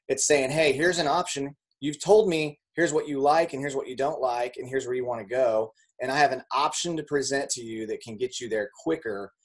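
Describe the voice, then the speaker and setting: Upbeat man leading a group call. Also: mid-range voice. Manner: upbeat, encouraging, frequent restarts. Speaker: team leader hosting a group call. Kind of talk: casual motivational chat.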